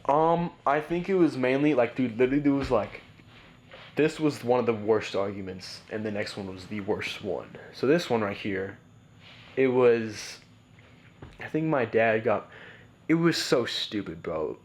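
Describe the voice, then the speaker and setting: Guy on a podcast telling his story, rambly, lots of like and bro, mid pitch. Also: measured pace, a little hiss or hum. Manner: rambling, heavy use of "like" and "bro", frequent restarts. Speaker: podcast guest. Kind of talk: casual personal storytelling.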